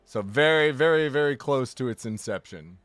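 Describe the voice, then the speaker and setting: A man in a casual live-stream chat at his desk, with a voice of ordinary middle pitch. He rambles, backtracks and corrects himself mid-sentence, and he jokes at his own expense. Quiet music plays faintly under his voice. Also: expressive, normal speed, dry recording. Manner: rambling and self-correcting, with frequent restarts; jokey, self-deprecating and exaggerating. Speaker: game streamer.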